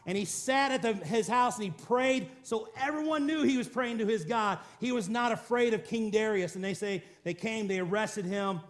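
High-voiced man preaching a sermon. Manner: emphatic preaching with repeated declarations and rhetorical questions; calls for congregation response. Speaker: pastor.

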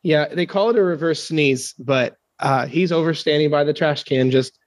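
Joking fitness coach, higher voice. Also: male voice, moderate pace, no echo. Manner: joking, playful. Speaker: podcast guest, fitness coach. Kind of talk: casual podcast chat.

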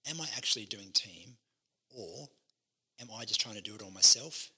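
Man, pastor, podcast co-host, husky voice, very bright tone, animated teaching. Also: fairly low pitch, normal speed. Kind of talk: casual ministry podcast chat.

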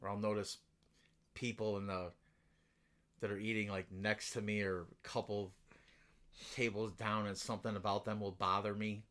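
A man co-hosting a casual podcast, ranting in an animated way and swearing freely. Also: fairly low pitch, normal speed, pauses often. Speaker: podcast co-host. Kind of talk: casual chat.

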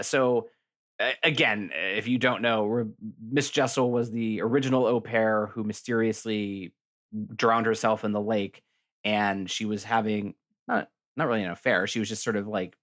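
A man co-hosts a podcast, casually chatting through a review of a TV series; he rambles, restarts often, and acts out quotes. His voice is on the low side, steady in tone, slightly bright, at a measured pace.

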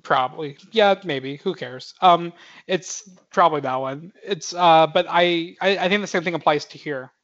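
A young man chats casually on a movie podcast, rambling through one thought after another with many fillers. His voice sits a little high, and the sound is muffled and lo-fi. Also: normal speed, a bit bright. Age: young adult. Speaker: podcast co-host. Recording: muffled lo-fi audio.

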